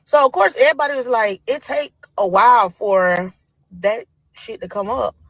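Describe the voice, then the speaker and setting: Husky woman retelling gossip. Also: fairly high pitch, expressive, normal speed, no room sound, poor audio. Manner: gossipy, retells with quoted voices. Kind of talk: casual storytelling rant.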